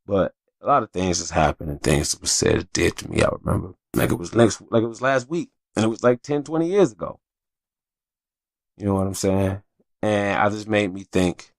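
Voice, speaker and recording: Deep gravelly man hosting a podcast. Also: no room sound, clean studio sound. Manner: loose, profane storytelling with many fillers. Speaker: podcast host. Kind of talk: casual solo podcast talk.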